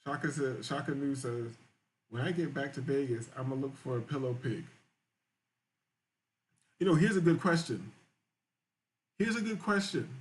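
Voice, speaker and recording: A man's voice: medium pitch, lively intonation, normal speed, pauses often. A man hosting a live-stream show, reading viewer chats aloud and reacting in crude, rambling, repetitive casual talk.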